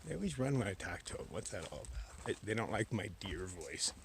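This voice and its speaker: A man vlogging alone on a forest trail at night, chatting casually to a handheld camera as he walks, sometimes dropping to a hushed whisper. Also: fairly low pitch, sing-song, a little fast, gravelly, few pauses, a little hiss or hum. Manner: chatty, drifting between normal voice and hushed whispers. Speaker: solo long-distance hiker vlogging. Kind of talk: casual talk to camera while hiking.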